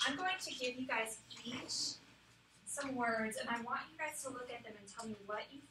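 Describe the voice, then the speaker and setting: Woman, phonics teacher, coaxing, fairly high voice, roomy distant sound with faint ambience. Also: moderate pace, background noise. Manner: upbeat, coaxing call-and-response. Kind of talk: classroom phonics lesson. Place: classroom. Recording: echoey classroom from far off.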